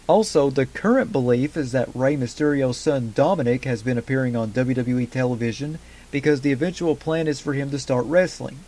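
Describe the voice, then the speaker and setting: A man's voice: mid-range voice, warm tone. A man hosting a wrestling news podcast, reading the day's stories from a script and adding casual fan asides. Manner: brisk headline delivery with casual fan asides. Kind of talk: news roundup read from a script.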